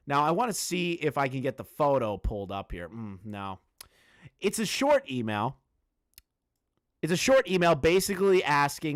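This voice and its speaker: A man rants to his viewers in a loose, profane commentary. His voice sits a bit high and jumps all over the place, and he sounds sarcastic and fed up. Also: sing-song, measured pace, a bit bright. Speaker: commentary video host. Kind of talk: casual ranting commentary to a live chat.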